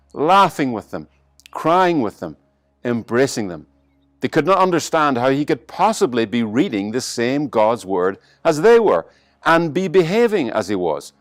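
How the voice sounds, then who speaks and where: An Irish man preaching a sermon, his voice sitting at an ordinary middle pitch. He leans on single words for emphasis and sometimes slows to a quiet hush. The sound is dry and close, with faint music underneath. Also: no room sound. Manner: varies emphasis and pace, slows to a soft hush on key lines. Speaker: pastor.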